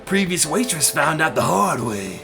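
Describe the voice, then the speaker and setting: A man voicing a menacing male diner customer in a game, with a raspy put-on southern drawl. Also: on the high side, big pitch swings, moderate pace, over music.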